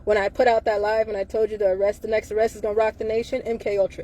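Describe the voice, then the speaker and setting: Fervent woman with a mellow voice. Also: mid-range voice, flat delivery, racing, slight background noise. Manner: fervent, repetitive rhetorical questions. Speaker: livestreamer. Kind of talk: impassioned live video monologue.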